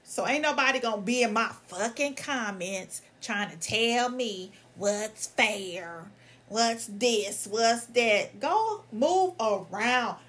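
A woman's voice: a little high, lively intonation, takes it slowly, fairly bright tone, breathy edge. A young woman, a lawyer and vlogger, ranting in a heated, emphatic and profane way, her voice strained from coughing. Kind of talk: angry ranting monologue.

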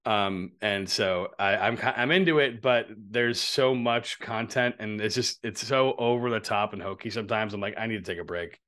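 A man co-hosting a podcast in casual chat, telling stories in a loose, profane, animated way. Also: fairly low pitch, moderate pace, hardly any pauses. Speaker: podcast co-host.

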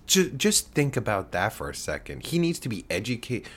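Lively, profane man ranting. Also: medium pitch, normal speed. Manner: heated, swearing, rambling with many fillers. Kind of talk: profane podcast rant.

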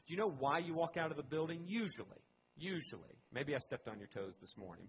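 A man's voice: mid-range voice, background noise. A man pastor giving a conversational sermon, earnest and emphatic, often restarting his phrases.

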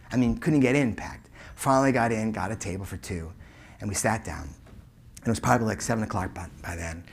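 This man in his forties has a low, husky voice. As a keynote speaker he recounts a customer service story with emphasis, moving back and forth between loud punches and quiet asides.

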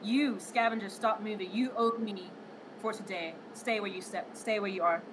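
A woman's voice: medium pitch, fairly even intonation, moderate pace, a crowd in the background, lightly acted, rough recording. A woman voicing a grumpy, suspicious male junk boss who talks in curt threats. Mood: threatening. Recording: background noise.

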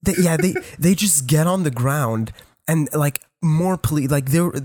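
A man's voice: fairly high pitch, moderate pace, a little mellow, dry recording, clean studio sound. A young man from Canada, co-hosting a podcast, rambling through a story with lots of fillers, restarts and swearing. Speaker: podcast co-host. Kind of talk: casual storytelling chat.

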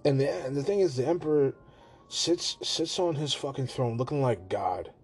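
A man casually and profanely retelling a movie scene on his podcast, slipping into quick put-on voices for the characters. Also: medium pitch, a little mellow, slightly rough, soft background music. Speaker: podcast host.

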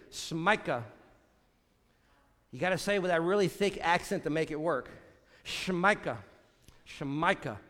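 High-voiced man preaching in a reverberant hall. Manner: preaching, drops low and quiet for emphasis. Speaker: pastor. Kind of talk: sermon.

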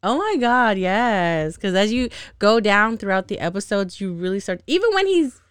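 A young woman talking on a casual podcast, lively and loose with her language. Her voice is smooth and clear, recorded dry and close. She laughs easily and acts out little bits of dialogue. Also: medium pitch, normal speed, no echo. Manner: animated, laughing, swears freely, acts out characters. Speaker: podcast host. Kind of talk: casual chat recap.

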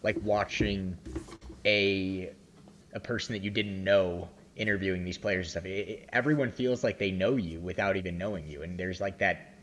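A man's voice: low-pitched, steady tone, moderate pace, a bit bright, slight background noise. A man co-hosting a podcast, talking in an enthusiastic, rambling way with restarts. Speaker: podcast co-host. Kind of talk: casual podcast chat.

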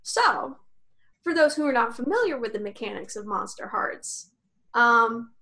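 High-voiced woman rambling through a game recap. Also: animated, unhurried, sharp tone. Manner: rambling, profane, laughing often, acting out quotes. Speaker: podcast co-host. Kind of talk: casual storytelling recap of a tabletop game.

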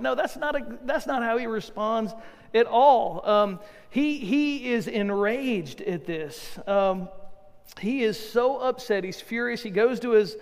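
High gravelly-voiced male pastor preaching. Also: unhurried, long reverb tail. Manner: conversational, joking asides, repeats words when restarting. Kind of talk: sermon.

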